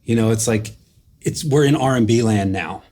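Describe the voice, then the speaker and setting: A man's voice: medium pitch, moderate pace, mellow. A man in his forties, a guest telling a story in a casual interview, emphatic and repeating words for effect. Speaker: guest, former boy band member.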